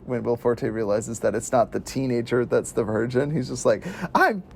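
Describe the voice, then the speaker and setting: A man co-hosting a casual podcast chat about films, enthusiastic and quick to laugh as he relives favorite scenes. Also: mid-range voice, fairly even intonation, creaky, dark tone, a little hiss or hum. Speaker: podcast co-host reviewing films.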